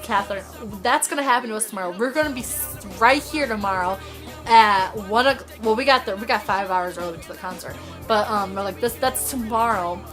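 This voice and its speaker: A woman from Indiana telling a story in a casual vlog, excited and rambling, filling her talk with "like". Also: mid-range voice. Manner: excited, rambling, heavy use of "like". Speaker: vlogger.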